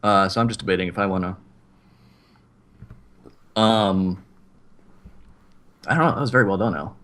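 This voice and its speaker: A man's voice: deep voice, normal speed. A man chatting casually and laughing often while he explains his moves in a tabletop story game. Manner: laughing, relaxed.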